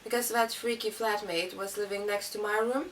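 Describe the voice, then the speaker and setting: A woman's voice: mid-range voice, steady tone, moderate pace. A young woman, telling a story in a rambling, casual way with many fillers. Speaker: interviewee. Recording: distant mic, faint room noise.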